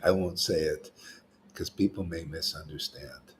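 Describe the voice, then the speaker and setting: A man preaching an informal devotional sermon, animated and chatty, slipping into slang and chuckling between points. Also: low voice, measured pace, slight background noise. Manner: animated, acts out quoted voices; chuckles often, casual slang. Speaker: spiritual teacher.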